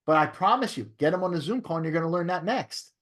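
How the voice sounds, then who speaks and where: A man's voice: a little high, expressive, fast talker, fairly bright tone. A man who is a real estate broker teaching a training class in a coaching way, often checking in with "right?".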